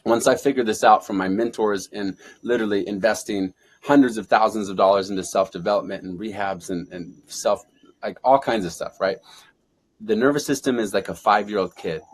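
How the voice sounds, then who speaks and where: A husky, fairly low-voiced man talks like a preacher, pressing each point with repeated affirmations. He is a guest on an interview show, urging listeners toward self-belief. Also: brisk. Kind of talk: motivational interview talk.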